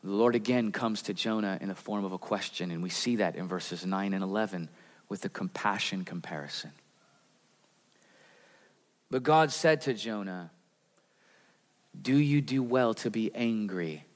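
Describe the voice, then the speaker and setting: A man preaching a sermon in a church, earnest, with dramatic drops in pitch and volume. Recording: reverberant hall.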